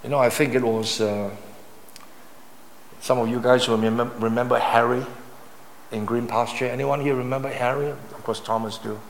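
Malaysian-accented male pastor, middle-aged, emphatic repetitive preaching, mid pitch, recorded in a reverberant church hall. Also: steady tone, moderate pace, pauses often, a little hiss or hum. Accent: Malaysian English. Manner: emphatic preaching, repeating key phrases and swinging from loud to soft. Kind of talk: sermon.

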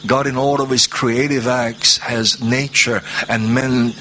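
A man preaching a sermon, alternating slow scripture reading with rising, drawn-out proclamations. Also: little pitch movement, bright, forceful tone, a little hiss or hum. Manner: rises to high, drawn-out proclaiming.

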